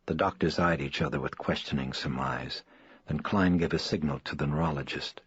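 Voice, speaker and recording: A man reading an audiobook in a measured, somber way. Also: breathy edge, dry recording. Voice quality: very deep. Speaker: audiobook narrator. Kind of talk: scripted narration. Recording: dull dry studio read.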